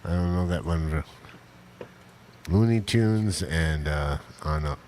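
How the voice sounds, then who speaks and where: Deep-voiced laid-back man. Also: takes it slowly, darkish tone, slight background noise. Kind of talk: casual chat.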